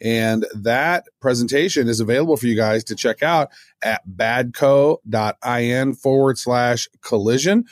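A man's voice: mid-range voice, a little slow, no echo. A man co-hosting a podcast in casual chat, talking with enthusiasm, rambling and restarting his sentences. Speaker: podcast co-host.

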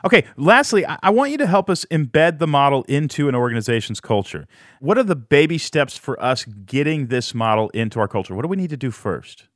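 A man's voice: mid-range voice, expressive, a little fast, a bit bright, no echo, clean studio sound. A man hosting an interview, asking conversational questions and quoting from the guest's book. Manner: conversational, reads quotes from the book. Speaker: interview host.

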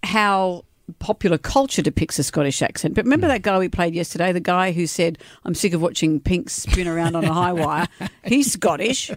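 A woman co-hosts breakfast radio, teasing and laughing through the banter. Her pitch jumps around lively, and the sound is dry and close. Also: brisk, no room sound. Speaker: radio co-host.

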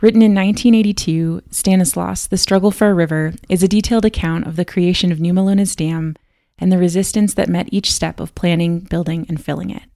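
Woman host, scripted documentary narration, measured storytelling, very gravelly voice, dry close sound. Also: on the low side, fairly even intonation, mellow, no echo. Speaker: podcast host.

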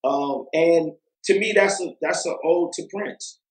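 A man's voice: a little high, measured pace, echoey room, rough recording. A man talking as a music producer guest in a casual interview, rambling with lots of fillers and restarts.

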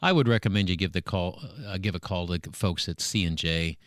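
A man's voice: sits low, fairly quick, fairly bright tone, slight background noise. A man hosting a home improvement call-in radio show, chatting in a folksy, storytelling way with callers and co-hosts. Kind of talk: casual call-in radio chat. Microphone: studio mic.

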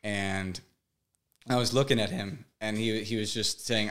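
A man in his twenties, a podcast guest, telling a painful personal story in a halting, emotional way, often repeating words. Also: lowish voice, steady tone, a bit bright. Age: 20s.

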